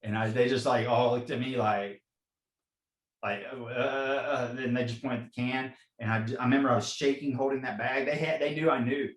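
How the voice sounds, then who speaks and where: A man's voice: medium pitch, steady tone, moderate pace, echoey room, rough recording. A man in his forties, a fire captain, earnestly telling personal stories in a podcast interview and often saying "you know". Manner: earnest, frequent "you know", repeats himself.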